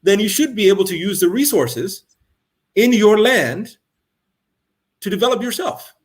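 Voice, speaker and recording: A man hosting an interview, asking long, measured, thoughtful questions. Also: high voice, lively intonation. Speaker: host.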